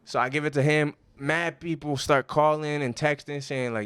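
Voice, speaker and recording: A man, co-hosting a podcast and telling profane, animated work stories full of slang. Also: on the high side, moderate pace, few pauses, clear, resonant tone, no echo, studio quality. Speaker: podcast co-host. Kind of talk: casual chat, storytelling.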